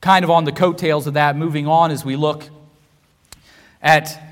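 A man preaching a sermon as pastor, emphatic and repetitive, swinging from hushed low passages to loud raised ones. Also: steady tone, moderate pace. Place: church sanctuary. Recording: long hall reverb from a church.

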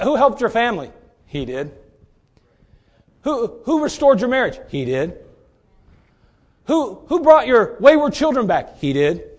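High-pitched guy preaching a sermon, gets loud and excited, keeps asking the crowd questions. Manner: animated, swings from quiet to shouting; rhetorical questions to the congregation.

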